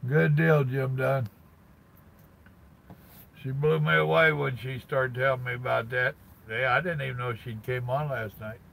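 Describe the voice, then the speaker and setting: A man's voice: medium pitch, steady tone, unhurried, vocal fry, fairly bright tone, poor audio. An older man, chatting casually on a live stream from his parked truck cab and greeting viewers by name in a folksy drawl.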